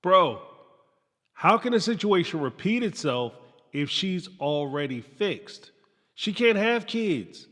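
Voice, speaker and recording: Fields: lively high-voiced male commentator. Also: in a large hall. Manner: animated, sarcastic, slangy. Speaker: reality TV reviewer host. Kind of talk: commentary monologue.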